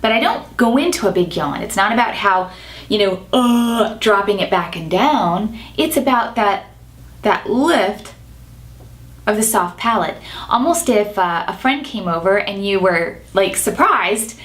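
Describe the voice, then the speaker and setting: A woman's voice: mid-range voice, animated, a little slow. A woman singing teacher explaining a nasal vocal exercise and demonstrating it in between her explanations.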